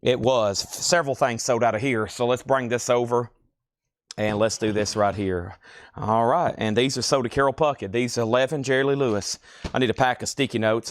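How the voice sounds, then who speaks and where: A man in the middle of a relaxed live sales stream, reeling off album titles and prices in easy, chatty patter. His voice sits at an ordinary middle pitch. The sound is dry and close, with almost no room echo. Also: moderate pace. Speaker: host selling records on a live stream. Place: record store.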